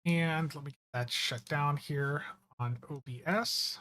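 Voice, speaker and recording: A man with a notably high speaking voice hosts a live gaming stream in relaxed, casual chat. He rambles easily, with frequent ums and restarts. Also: unhurried. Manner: easygoing, rambling with fillers. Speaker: game streamer host.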